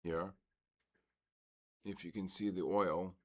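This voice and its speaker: An older man hosting a live trading stream, excitedly calling out price moves and giving quick trade advice. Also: sits low. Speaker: trading livestream host. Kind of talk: live market commentary.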